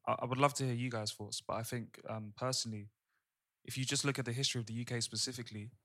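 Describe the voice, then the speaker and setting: A man co-hosting a casual podcast chat, an animated storyteller who swears freely. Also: mid-range voice, fast talker. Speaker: podcast co-host.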